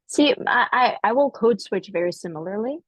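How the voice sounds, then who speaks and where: Husky-voiced woman, animated podcast chat. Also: normal speed, dry recording, rough recording. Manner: animated storyteller, acts out quotes in high voices. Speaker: podcast co-host.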